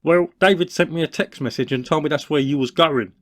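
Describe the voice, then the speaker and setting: A man's voice: fairly high pitch, fairly quick, fairly bright tone, close to an everyday voice. A man voicing a sly young male neighbour, teasing and dryly sarcastic. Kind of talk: cartoon voice acting.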